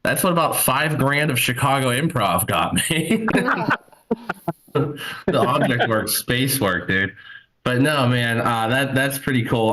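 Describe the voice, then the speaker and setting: A man's voice: mid-range voice, bright, forceful tone, low-quality recording. A man in his thirties doing a stand-up set from home over a video call, telling rambling, self-mocking stories with lots of fillers. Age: 30s. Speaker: stand-up comedian. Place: home, at a computer. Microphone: computer mic on a video call.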